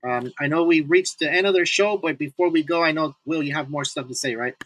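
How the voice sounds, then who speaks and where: A man's voice: fairly high pitch, fairly quick, fairly bright tone, dry recording, rough recording. A man co-hosting a casual fantasy baseball podcast, laughing often and restarting his sentences. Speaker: podcast co-host. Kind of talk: casual sports chat.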